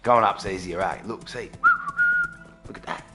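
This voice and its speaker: A man's voice: sits low, normal speed, sharp tone, faint music behind. A man live-streaming a game from his home studio, chatting casually and greeting viewers by name.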